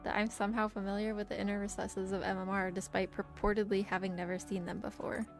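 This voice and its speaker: A woman reading game dialogue aloud as a troubled young woman who cannot die, calm and earnest in her questions. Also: medium pitch, quick pace, soft background music, lightly acted.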